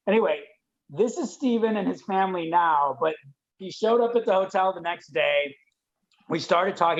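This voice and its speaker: A man from Detroit, a podcast guest telling a story in a lively way and acting out the voices of people he quotes. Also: a little high, dull audio. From Detroit, USA. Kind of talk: animated storytelling.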